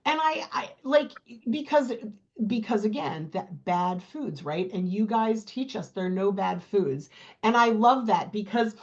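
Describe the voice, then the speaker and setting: A middle-aged woman talking casually as a guest in an interview, animated and chatty, often acting out her own thoughts. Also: medium pitch, measured pace, lo-fi sound. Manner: animated storyteller, quotes her own thoughts, laughs easily. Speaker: program client, guest.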